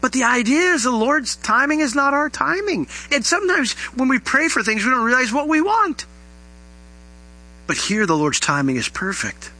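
A man's voice: moderate pace, low-quality recording. A male pastor delivering a sermon, teaching verse by verse and asking the congregation questions. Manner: animated preaching, rising pitch on questions.

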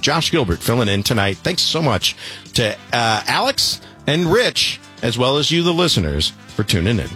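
A man's voice: medium pitch, very animated, normal speed, pushed and bright, faint music behind. A man hosting a late-night talk radio show, taking calls in an easygoing, conversational way.

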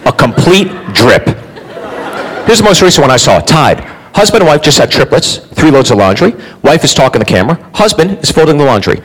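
A man's voice: a little high, very animated, a little fast, fairly bright tone, slightly rough, low-quality recording. A man doing a stand-up comedy routine in a brash, profane way, on a comedy club stage with a handheld mic. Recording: live club recording with audience noise.

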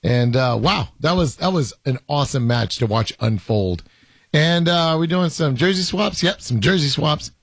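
A man's voice: fairly high pitch, expressive, moderate pace, no room sound. A middle-aged man co-hosting a casual sports podcast, rambling and self-interrupting as he talks, laughing often. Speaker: podcast co-host.

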